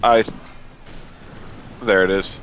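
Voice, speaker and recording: Low-voiced man swearing during gameplay. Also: steady tone, takes it slowly, a bit bright, a little hiss or hum. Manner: exasperated, swears freely. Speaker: gamer in a co-op group. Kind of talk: casual gaming voice chat.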